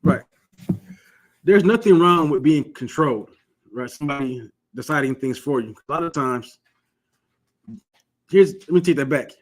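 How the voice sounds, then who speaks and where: A man's voice: a little high, moderate pace, pauses often. A man from Michigan giving an informal, earnest class on religious law, urging listeners directly and often restarting his phrases. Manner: earnest, exhortative, frequent restarts. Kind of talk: informal scripture teaching.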